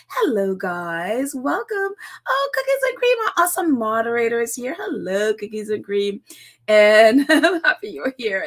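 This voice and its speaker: Female host, high voice, casual live-stream banter, warm greetings and frequent laughs. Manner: chatty, greets viewers by name, laughs often.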